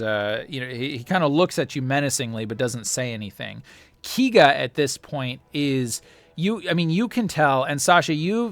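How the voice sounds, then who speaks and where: A man's voice: fairly high pitch, no echo. A man running a tabletop role-playing game as game master, narrating with many fillers and restarts. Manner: halting, full of fillers and restarts.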